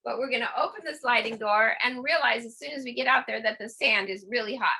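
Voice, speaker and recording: Husky, bright-voiced woman leading laughter yoga. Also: on the high side. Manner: playful, coaxing, bursts into deliberate laughter. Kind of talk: guided laughter exercise class.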